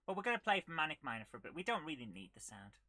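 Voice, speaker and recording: A woman hosting a casual retro gaming live stream, chatting with viewers and reacting excitedly while she plays. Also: sits low, very fast, no echo. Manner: chatty, reads viewer comments aloud, bursts of excitement while playing.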